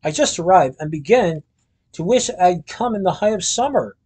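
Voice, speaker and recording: A man's voice: high voice, expressive, moderate pace, a little mellow, breathy edge. Man doing a cheerful naive young man.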